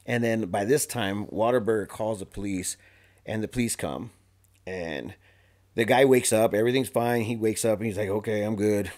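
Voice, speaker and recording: A man with a somewhat low voice talks casually as a podcast guest. He tells his story in an animated, slangy way, with lots of fillers and restarts. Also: normal speed. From Arizona.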